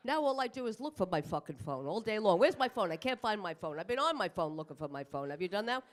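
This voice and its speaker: An older woman does a stand-up set at a comedy club in front of a live audience, landing brash, profane jokes at her own expense. She speaks briskly in a mid-range voice with big swings in pitch.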